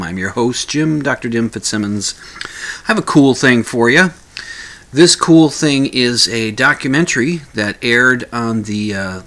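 Bright-voiced rambling radio host man. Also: on the low side. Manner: rambling, many fillers and restarts. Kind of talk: casual radio monologue.

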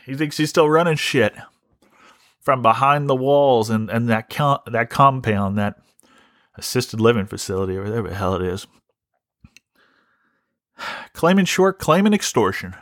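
Brief: male podcast host, mid-pitched voice, ranting comic storytelling, dry close sound. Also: expressive, normal speed, long pauses, fairly bright tone, no room sound. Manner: exasperated, wry, repeats himself.

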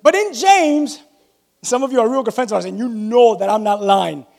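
A man preaching a sermon as pastor, animated, telling personal stories and calling out to his congregation. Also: extremely high pitch, normal speed, creaky. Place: church sanctuary. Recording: long reverb of a large church hall.

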